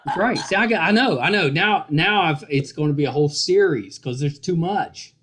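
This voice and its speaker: A man's voice: a little high, moderate pace, fairly bright tone, slight background noise. A man hosting a podcast interview on a call, joking and rambling with frequent restarts and self-deprecating asides. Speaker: podcast host. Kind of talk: casual interview chat.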